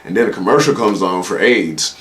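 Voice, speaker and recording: A young man with a fairly low voice telling stories in a loose, rambling way. He is a comedian talking alone on his podcast, swearing freely and acting out what people said. His delivery stays relaxed and conversational. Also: fairly quick. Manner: profane, laid-back anecdotal delivery with quoted voices. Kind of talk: casual solo podcast storytelling.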